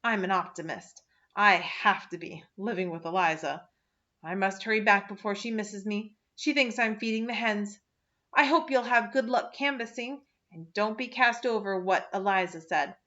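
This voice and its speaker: A woman's voice: mid-range voice, moderate pace, bright, forceful tone, lo-fi sound, natural voice. A woman reading the part of a cheerful, timid middle-aged woman who speaks in an earnest, hopeful way. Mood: eager.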